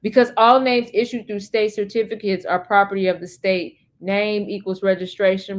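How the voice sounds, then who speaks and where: Streaming on her own, a woman with a medium-pitched voice reads chatbot answers aloud earnestly and emphatically, adding her own comments. Between passages she fills the gaps with hesitant fillers.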